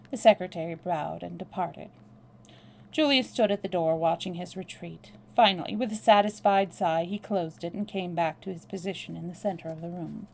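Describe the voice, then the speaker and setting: Female storyteller reading a novel aloud, calm and even, with a gravelly texture. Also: on the low side, moderate pace.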